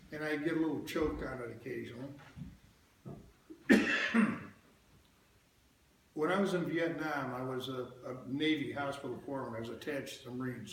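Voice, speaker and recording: A man's voice: mid-range voice, slight background noise. An older man telling a personal story to a church congregation in a folksy, plain-spoken way, with asides to the audience. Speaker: church speaker. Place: church hall. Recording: very echoey church hall, faint ambience.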